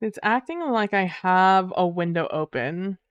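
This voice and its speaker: A woman livestreaming, telling a story to her chat in a casual way. She swears freely, talks in quick, heated bursts and fills her talk with "um" and "like". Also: lowish voice, expressive, smooth, no room sound, dull audio. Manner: frequent fillers like "um" and "like".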